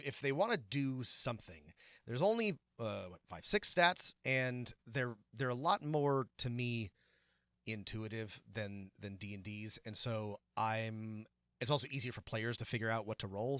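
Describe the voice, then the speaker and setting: A man's voice: mid-range voice, sharp tone, no room sound, studio quality. A man co-hosting a tabletop gaming podcast, talking in a rambling way with lots of fillers and restarts. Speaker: podcast co-host and game master. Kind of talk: casual podcast chat.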